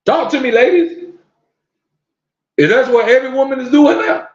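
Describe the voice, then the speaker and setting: On a live stream, a male podcast host speaks in a very high-pitched voice at a moderate pace, leaving long pauses as he rants in disbelief and throws rhetorical questions at his viewers. The audio has a dull, roomy lo-fi quality.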